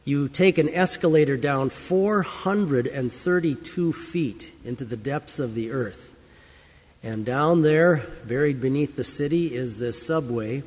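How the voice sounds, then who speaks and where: A man's voice: on the high side, a little mellow, big-room sound. A man preaching a sermon, reading scripture and telling a story in an earnest, emphatic way. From United States. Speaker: pastor.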